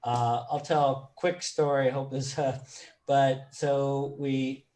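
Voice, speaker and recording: A man hosting an interview, talking in a relaxed, chatty way and laughing often. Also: medium pitch, slow pace. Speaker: podcast host. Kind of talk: casual interview chat.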